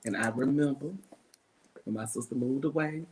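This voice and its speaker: Low-voiced easygoing woman co-host. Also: normal speed, a little mellow, slight background noise. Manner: easygoing, adds frequent "mm-hmm" and greets viewers. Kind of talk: casual live-stream chat.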